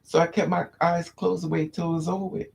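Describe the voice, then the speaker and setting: Gravelly-voiced man telling stories animatedly. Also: fairly high pitch, fast. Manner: animated storyteller, squeals and acts out quotes. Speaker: podcast host. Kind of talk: casual chat.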